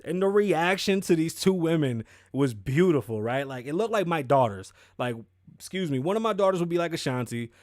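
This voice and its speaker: Dude hosting a news podcast, kinda high voice, dry close sound, swears a lot. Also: male voice, fairly quick, no room sound. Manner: animated, profane, emphatic. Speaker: podcast host. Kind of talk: casual news commentary.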